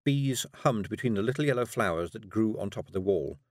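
A man reading a fantasy novel aloud as an audiobook narrator, measured and drily humorous. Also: on the low side, expressive, dry recording, studio quality.

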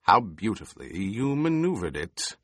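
A man's voice: on the low side, big pitch swings, normal speed, fairly bright tone, no room sound, studio quality, full character voice. A man voicing a cruel, mocking emperor who speaks in an imperious, purring, commanding way. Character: cruel, mocking male emperor on his throne.

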